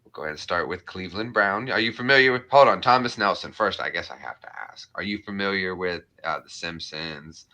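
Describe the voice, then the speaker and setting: A man's voice: deep voice, a little fast, hardly any pauses, bright, forceful tone. A young man hosting a livestream in casual chat, with a playful, jokey way of talking. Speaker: livestream host.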